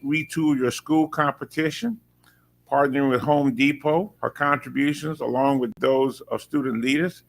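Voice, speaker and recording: A university official with a gravelly, mid-range voice formally introduces a student at a board meeting. He reads a prepared tribute, now and then adding asides full of filler words.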